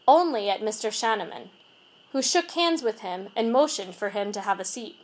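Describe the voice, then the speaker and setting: A woman reads a first-person storybook aloud in an expressive, measured way. Her voice sits high and moves lively up and down. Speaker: reader. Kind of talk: storybook narration.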